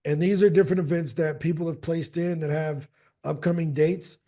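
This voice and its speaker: A man's voice: on the high side, fairly even intonation, brisk, mellow. A man in casual video call chat, upbeat and walking someone through his screen share. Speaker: speaker platform representative.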